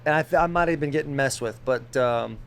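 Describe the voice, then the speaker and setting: A young man in his twenties, co-hosting a podcast, telling a story in a rambling, animated way full of swearing. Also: medium pitch, fairly quick, vocal fry, slight background noise. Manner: rambling, animated, swears a lot, imitates beeps and voices. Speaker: podcast co-host. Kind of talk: casual storytelling.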